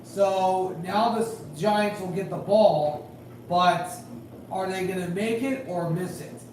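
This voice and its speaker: A man calling a game live in casual play-by-play, rambling and hedging with fillers, growing excited on big plays. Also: high voice, slow pace. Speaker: amateur game commentator and high school official. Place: at home at night. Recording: very echoey room, distant mic, faint noise.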